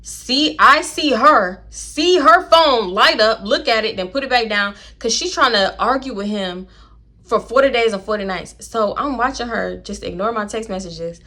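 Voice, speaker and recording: A woman's voice: fairly high pitch, normal speed, sharp tone. A young woman tells a personal story to her audience. She is blunt, chatty and swears freely, talking straight at the camera like she is catching up with friends. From Houston, Texas. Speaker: storytime vlogger.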